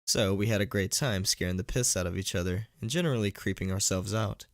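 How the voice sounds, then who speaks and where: A man with a fairly low voice reads horror stories aloud on a live stream. He keeps tripping over words and laughs at himself. His chatty, thankful asides to donors sound dry and close to the mic. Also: fairly quick, no room sound. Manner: stumbling, self-mocking, laughing at his own slips. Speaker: horror story narrator and streamer. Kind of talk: live-streamed story reading. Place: at home.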